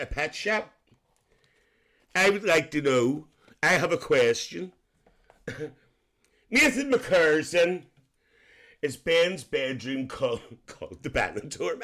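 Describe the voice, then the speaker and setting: A man's voice: on the high side, pushed and bright, exaggerated voice. A man voicing a cheeky, gossipy middle-aged Northern Irish aunty who chats with live-stream viewers and calls them dear. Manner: chatty, calls everyone dear, laughs often. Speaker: livestream host.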